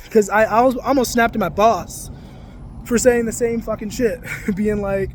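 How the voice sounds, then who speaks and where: A man's voice: high-pitched, steady tone, a little fast, a little mellow, a little hiss or hum. A young man venting in a casual vlog while walking outdoors. He rambles, swears a lot, leans on "like" and laughs between thoughts. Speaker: vlogger. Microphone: handheld phone.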